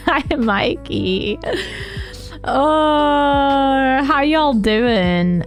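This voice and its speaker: Bubbly high-voiced woman streamer. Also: animated, very slow, a bit bright, soft background music. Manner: bubbly, greets chat by name. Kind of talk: live-stream chat with viewers.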